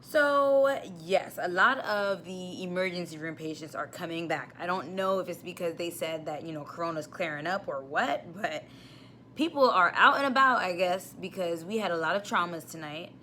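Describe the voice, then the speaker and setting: A woman's voice: on the low side, normal speed, few pauses, slight background noise. A young woman with a New York accent, an ER nurse, telling a story in a casual vlog and getting more and more exasperated as she goes. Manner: animated, exasperated storytelling with rising outbursts. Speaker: ER nurse vlogger.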